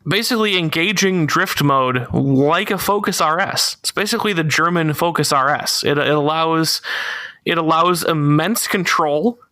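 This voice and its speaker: A man's voice: a little high, moderate pace, sharp tone, no room sound. A young man co-hosting a casual car podcast, laughing often and explaining technical details in a laid-back way. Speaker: podcast co-host.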